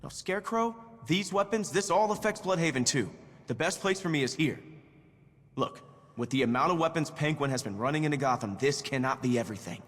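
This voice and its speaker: A cocky wisecracking vigilante. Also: male voice, fairly high pitch, animated, a little fast, fairly bright tone, big-room sound. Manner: teasing, confident. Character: cocky young male vigilante sidekick, wisecracking.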